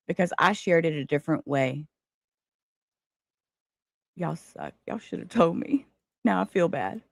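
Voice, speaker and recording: A woman hosts her livestream in a loose, rambling way, jumping between thoughts and swearing casually. Her pitch swings widely as she talks. The sound is dry and close. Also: lively intonation, normal speed, gravelly, pauses often, fairly bright tone, no room sound. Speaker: livestream host.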